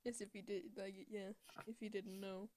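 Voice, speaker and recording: A woman's voice: medium pitch, flat delivery, normal speed, darkish tone. A woman co-hosting a podcast, dropping playful side comments in casual chat. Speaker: podcast co-host.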